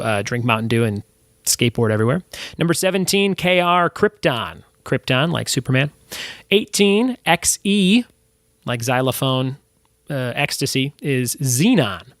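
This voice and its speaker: A man's voice: a little high, a bit bright, no room sound, studio quality. A young man hosting a solo trivia podcast, reading quiz clues and answers with chatty, self-deprecating asides.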